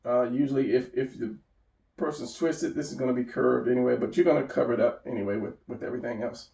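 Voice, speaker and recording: A man with a gravelly voice walks through a drawing lesson without a script. He rambles and corrects himself while sketching. The sound is echoey, as if he sits some way from the mic in a bare room. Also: medium pitch, fairly even intonation, fast, mellow, distant mic. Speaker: drawing instructor. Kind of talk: unscripted drawing tutorial.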